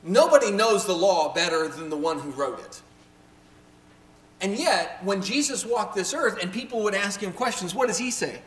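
High-voiced man teaching in an echoey room. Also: expressive, moderate pace. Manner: chatty, keeps checking in with the audience. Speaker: Bible teacher. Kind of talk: conversational Bible teaching to a group. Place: room with a live audience. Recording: roomy echo with faint hum.

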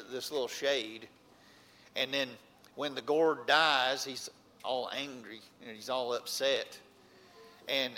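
A man preaching a sermon, earnest, rising to emphatic points and then dropping low. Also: fairly bright tone.

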